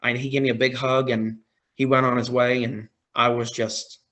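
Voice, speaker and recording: A man on a podcast as a guest, telling a story in a casual, excited way, often quoting his own reactions. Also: mid-range voice, normal speed. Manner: excited, retelling with quoted reactions.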